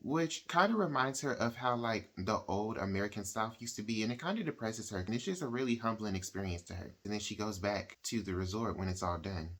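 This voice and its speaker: A man's voice: fairly low pitch, fairly bright tone. A man casually retelling a novel's plot as a book reviewer, talking in a chatty way and often acting out the characters' lines. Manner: chatty, uses "like" and "she's like" quotes.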